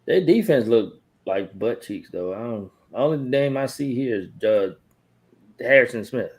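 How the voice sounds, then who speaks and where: A man joins a casual sports podcast and trash-talks rival teams in loose, blunt slang. His pitch swings widely from line to line. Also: animated, a little slow, darkish tone.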